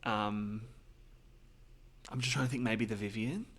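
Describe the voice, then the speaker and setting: A man's voice: lowish voice, fairly even intonation, a bit bright. A man, a podcast guest, chatting casually and readily agreeing with the host. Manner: agreeable, quick to chime in. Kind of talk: casual chat.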